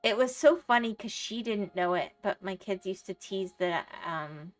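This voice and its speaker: This middle-aged woman livestreams a game with soft background music, her medium-pitched voice expressive and moderately paced. She keeps things casual, drifts through stories, laughs plenty and talks back to her chat.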